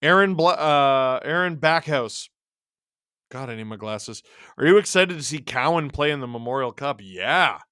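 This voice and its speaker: This streamer and show host has a smooth, mid-range voice at normal speed, captured in echo-free studio quality. Excitable throughout, he calls the game on his live watch-along stream, shouts at the big moments, and banters jokingly with viewers.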